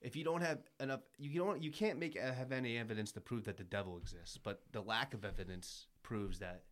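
A young man with a mid-range, fairly quick voice co-hosts a casual podcast recapping anime. He's excitable, eagerly retelling scenes, acting out the characters' lines and swearing casually.

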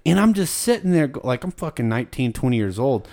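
A man's voice: medium pitch, big pitch swings, fast talker, darkish tone. A man hosting a casual podcast chat, telling stories in a profane, heated way.

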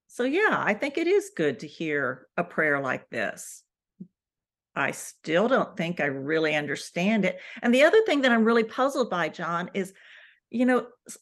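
A woman's voice: mid-range voice, a bit bright. A woman co-hosting a casual scripture discussion, thoughtful and openly puzzled but agreeable. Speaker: podcast co-host.

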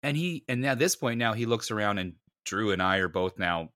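Low-voiced man telling a story. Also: brisk, no room sound, clean studio sound. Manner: animated, acts out voices in anecdotes, self-mocking. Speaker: podcast co-host. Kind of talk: casual storytelling chat.

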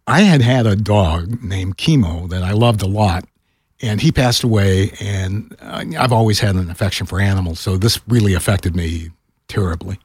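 A man's voice: moderate pace, slightly rough, dry recording, clean studio sound. An older man, a retired broadcaster, telling a story in a casual chat on a podcast and acting out the other voices. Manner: animated, acts out quoted voices with pitch jumps.

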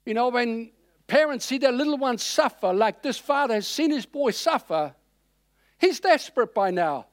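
A man preaching a sermon in a conversational, animated way, with frequent fillers. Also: very high voice, moderate pace, dry recording, studio quality.

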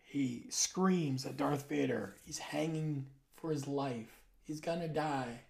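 Speaking slowly at medium pitch, this forties-aged vlogger chats loosely and rambles to the camera, drifting off and then fixing what was said. The voice is very gravelly and creaky.

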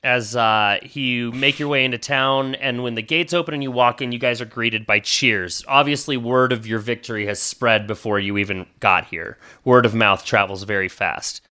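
A man narrating as game master in a tabletop game, laid-back and joking, switching quickly into character voices. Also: mid-range voice, fairly even intonation, sharp tone, clean tone.

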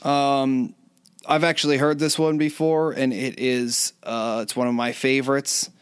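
Smooth-voiced man in casual chat. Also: mid-range voice, little pitch movement, dry recording. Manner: chatty, laughs often, spells words out slowly. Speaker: podcast co-host.

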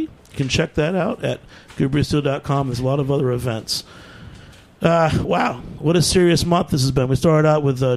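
A man with a mid-pitched, easygoing voice hosts a beer radio show. He chats casually with his guests and runs through event plugs in a brisk, upbeat way. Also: darkish tone. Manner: upbeat, laughs easily, quick plug-filled wrap-up. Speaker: radio podcast host. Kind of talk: casual radio chat and announcements.

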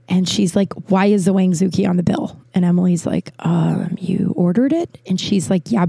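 A woman's voice: medium pitch, darkish tone, no room sound. Woman rambling through a story, swears a lot, super dry close mic. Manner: chatty, lots of "like", swears, acts out quotes. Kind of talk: casual storytelling.

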